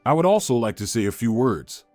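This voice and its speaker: A man voicing a calm, firm wife who has been betrayed, in a storybook reading. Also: medium pitch, brisk, no echo, soft background music, close to an everyday voice.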